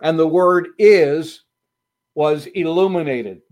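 Guy preaching a sermon real slow, kinda high voice, repeats lines for punch. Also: darkish tone. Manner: slow and deliberate, building to emphatic repetitions. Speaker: pastor.

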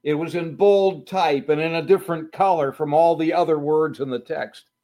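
A man preaching a sermon, slow and deliberate, building to emphatic repetitions. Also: a little high, fairly even intonation, dark tone. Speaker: pastor.

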